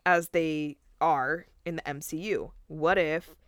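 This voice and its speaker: Young woman cohosting a chat show, bright voice, swears a lot, gets super hyped, dry close sound. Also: low voice, measured pace, clean tone, dry recording. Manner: excitable, swears freely, acts out quotes. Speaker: podcast co-host. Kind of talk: casual chat.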